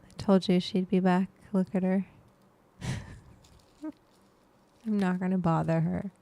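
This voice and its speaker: A woman's voice: lowish voice, steady tone, a little slow, vocal fry, dark tone. A woman hosting a casual livestream, rambling to her viewers and her pet as she goes. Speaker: livestream host.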